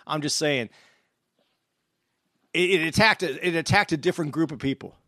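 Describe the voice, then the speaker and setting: Recorded with studio quality and no room sound, a male comedian talks loosely on a podcast in a slightly high, bright, forceful voice at a moderate pace. He hedges constantly, insisting over and over that he's only asking.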